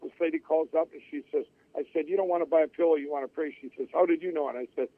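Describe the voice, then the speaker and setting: A middle-aged man tells his life story in an interview, rambling with many restarts and acting out what others said. His voice sits on the high side and he speaks very fast, in a dry recording with tinny phone-line audio.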